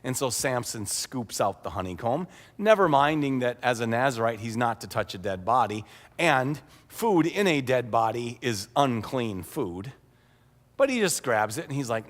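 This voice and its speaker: A man's voice: mid-range voice, very animated, moderate pace. A man preaching a sermon as pastor, retelling a story in a humorous, conversational way. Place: church sanctuary. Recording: echoey church hall.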